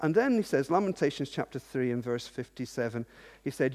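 A man's voice: mid-range voice, big pitch swings, fairly quick, a little mellow. A man preaching a sermon in earnest, asking many rhetorical questions and repeating words as he goes. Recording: long reverb of a large hall.

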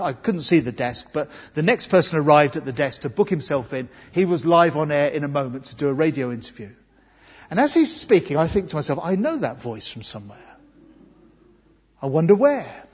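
Husky, slightly high male preacher from England, earnest sermon delivery, dull recording with long church reverb. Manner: earnest, emphatic, slows for key words. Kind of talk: Easter sermon. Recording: dull muffled sound with long hall reverb.

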